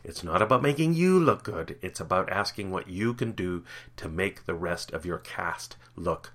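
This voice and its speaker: A man's voice: low-pitched, expressive, moderate pace, fairly bright tone. Upbeat man hosting a tips podcast. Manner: upbeat, playful, jokey delivery. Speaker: podcast host. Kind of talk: scripted workplace tips podcast.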